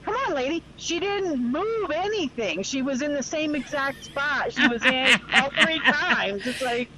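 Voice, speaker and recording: A woman's voice: high-pitched, expressive, measured pace, crowd noise, poor audio. A woman from New Jersey co-hosting a podcast, telling a story in casual chat with wry, laughing remarks. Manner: wry, laughing, mocking quotes. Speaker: podcast co-host.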